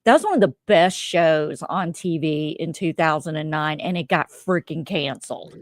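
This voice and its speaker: Lower-voiced woman chatting on a podcast. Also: moderate pace, dry recording. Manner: animated, swearing, laughing at herself. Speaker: podcast co-host. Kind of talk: casual podcast chat, reacting to a video.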